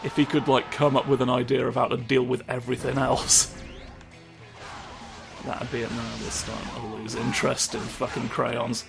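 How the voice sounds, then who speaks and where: A man with a gravelly, creaky voice riffs through his playthrough in a loose, joking way, cursing freely as he goes. Loud game music plays behind him. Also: mid-range voice, little pitch movement, normal speed. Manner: rambling, jokey, swears often. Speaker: let's play host. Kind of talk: casual gameplay commentary.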